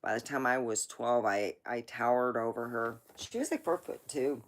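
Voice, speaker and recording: A woman's voice: extremely low pitch, moderate pace. A woman hosting a livestream, telling rambling family stories in a chatty way with asides. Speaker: livestream host. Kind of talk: casual storytelling.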